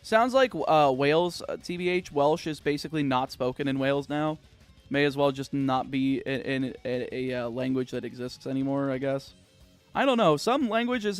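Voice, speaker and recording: A young American man chatting on a game livestream, answering viewer comments in a rambling, sarcastic way with lots of restarts. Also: mid-range voice. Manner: rambling, sarcastic, many restarts and filler words. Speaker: streamer. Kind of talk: casual livestream chat reading viewer comments.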